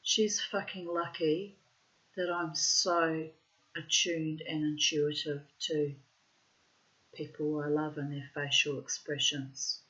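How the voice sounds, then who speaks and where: A woman's voice: deep voice, level tone, takes it slowly, bright, forceful tone. A woman telling a family story in a casual vlog, with dramatic, profane, self-assured storytelling and dull lo-fi audio.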